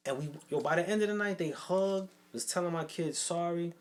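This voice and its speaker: Lively high-voiced New York man. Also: fairly quick, few pauses. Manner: animated storyteller, acts out quotes, street slang. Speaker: co-host, youth program leader. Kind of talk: casual podcast conversation, storytelling.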